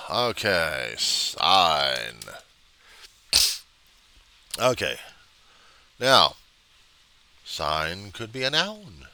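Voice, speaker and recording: Man muttering to himself at his computer, bright voice all over the place pitch-wise, dry webcam sound. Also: sing-song, slow pace, long pauses, no echo. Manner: muttering to himself, grumbling, rambling. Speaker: diary vlogger. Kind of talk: rambling solo video diary. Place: home desk with computer.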